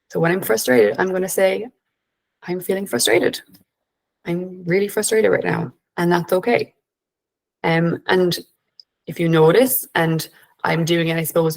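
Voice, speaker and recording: A woman in her thirties with an Irish accent, giving a gentle, guiding online presentation on emotional wellbeing with some "um"s. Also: fairly low pitch, vocal fry, poor audio. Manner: gentle, guiding, with filler "um"s and restarts. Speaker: behaviour analyst presenter.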